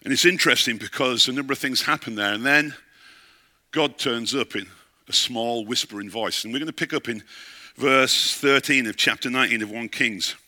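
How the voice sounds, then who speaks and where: Middle-aged pastor guy preaching, super bright sharp voice, chatty storyteller. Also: medium pitch, moderate pace. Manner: storytelling preacher, asks the crowd questions. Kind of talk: sermon.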